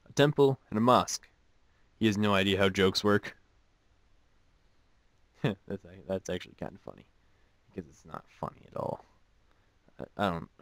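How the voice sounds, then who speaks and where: A man's voice: lowish voice, no room sound. Dry-voiced man reading jokes aloud. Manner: dry, self-mocking asides after each joke. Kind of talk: casual joke reading with commentary.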